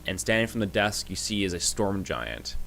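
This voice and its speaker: A man narrating a tabletop game as game master, with a halting manner and many restarts. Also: low voice, big pitch swings, creaky, a bit bright, a little hiss or hum.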